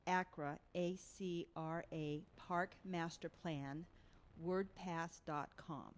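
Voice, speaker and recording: Lowish-voiced woman explaining plans. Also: takes it slowly. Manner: informative, steady, uses fillers. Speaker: guest from a parks and recreation agency. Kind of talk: radio interview.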